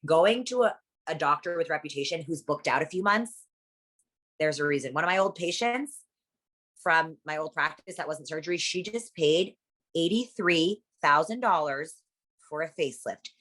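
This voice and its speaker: A young woman from Guatemala who works at a plastic surgery practice is a guest in a casual interview, talking bluntly, emphatically and rapid-fire with plenty of swearing. Her voice sits low and is animated and a bit bright.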